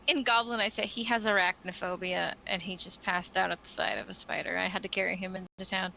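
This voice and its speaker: A woman's voice: medium pitch, steady tone, brisk, creaky, sharp tone, slight background noise, low-quality recording. A woman playing a tabletop role-playing game, chatting casually and describing her character's actions in first person. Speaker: player.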